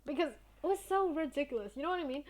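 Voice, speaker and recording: Young woman, live streamer, slightly high voice, blunt, cusses a lot, casual chat. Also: very fast, darkish tone. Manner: blunt, swears often, indignant storytelling.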